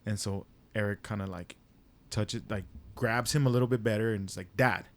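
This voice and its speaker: A man's voice: lowish voice, steady tone, brisk. A young man co-hosting a podcast, telling a family story in casual chat, cursing freely and acting out what people said. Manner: swears freely, relives scenes in quoted dialogue. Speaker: podcast co-host.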